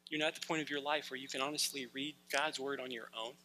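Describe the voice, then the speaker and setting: Brief: middle-aged man, pastor, lively sermon delivery, very bright, forceful tone. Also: mid-range voice, fast talker, a little hiss or hum, low-quality recording. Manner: animated preaching, shouts in acted-out scenes.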